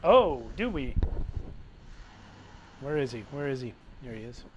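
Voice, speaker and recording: A man's voice: medium pitch, very animated, a little slow, slight background noise. Easygoing man running a tabletop game. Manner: easygoing narration with frequent laughs. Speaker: game master.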